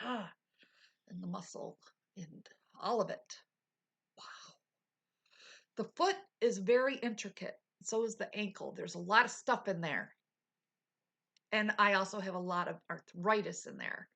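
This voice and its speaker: Slow, husky woman telling her story. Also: mid-range voice. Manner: animated retelling, acting out quotes, drops to whispers. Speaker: vlogger. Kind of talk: casual storytelling to viewers.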